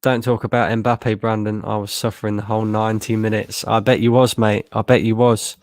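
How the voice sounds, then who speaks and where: A man's voice: on the low side, flat delivery, fairly quick, darkish tone, dry recording, studio quality. A young man from Lincolnshire streaming a live football watchalong, reading chat aloud, chatty and sweary, laughing often. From Lincolnshire, England.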